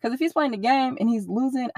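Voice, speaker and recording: In an interview, a young woman with a high voice speaks fairly quickly and candidly, her slang-heavy talk growing lively when she repeats what others said. There's no room sound on the recording.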